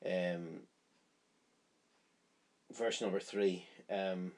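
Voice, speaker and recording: A man's voice: low-pitched, fairly even intonation, extremely slow, darkish tone. A man giving a Bible study, explaining a chapter in an earnest, conversational way. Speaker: Bible teacher.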